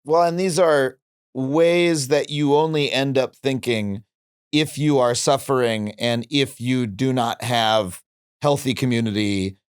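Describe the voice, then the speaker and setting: Smooth-voiced reflective male podcast host. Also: medium pitch, a little slow, dry recording, studio quality. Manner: reflective, many restarts and fillers. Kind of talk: casual interview conversation.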